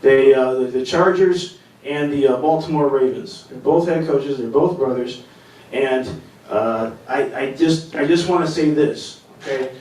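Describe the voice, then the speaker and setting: Rambling stand-up comic in an echoey club. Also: male voice, mid-range voice, measured pace, a little mellow. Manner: rambling, self-deprecating, stumbles and restarts. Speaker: stand-up comedian. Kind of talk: open-mic stand-up set. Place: comedy club stage. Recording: echoey club sound from far off.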